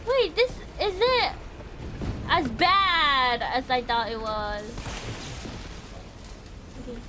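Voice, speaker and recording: A woman streaming a game live, reacting excitedly with yelps, laughter and chatty commentary. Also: high voice, very slow, music in the background.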